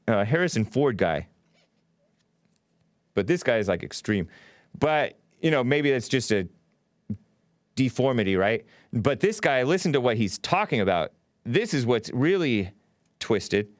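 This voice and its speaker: A man's voice: mid-range voice, clean tone, no room sound, clean studio sound. A man hosting a solo commentary show, reading out news quotes and mocking them with sarcastic asides. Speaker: podcast host.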